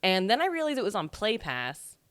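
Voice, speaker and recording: A woman's voice: mid-range voice, huge pitch swings, a little fast, fairly bright tone, no room sound. A woman co-hosting a casual video game podcast, chatty and peppering her talk with "like". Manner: chatty, fills speech with "like". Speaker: podcast co-host. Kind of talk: casual chat about video games.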